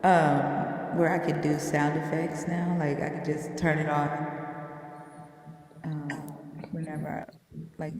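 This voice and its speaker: A woman's voice: sits low, flat delivery, slow pace, long pauses, darkish tone. A woman hosting a live stream in casual chat, blunt and swearing freely, with an easy laugh. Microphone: streaming microphone. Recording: long reverb on the mic.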